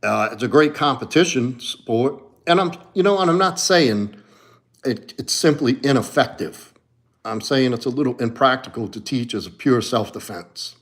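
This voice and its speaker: Going through comments on a livestream, the martial arts coach, a middle-aged man with a New Orleans accent, talks casually at normal speed. He doesn't soften anything and swears often, trading low mutters for animated bursts.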